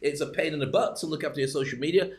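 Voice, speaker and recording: A man's voice: fairly high pitch, very fast. A man hosting a live-streamed business talk, rambling with jokey, self-deprecating asides. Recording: roomy echo.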